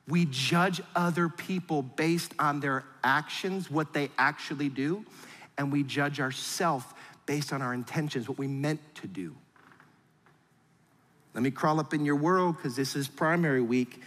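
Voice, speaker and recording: A man preaches to his church in a high, bright, forceful voice. He acts out exasperated voices with flair, then drops low and quiet to land his serious points. A long reverb of the sanctuary hangs on each word. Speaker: pastor. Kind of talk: sermon.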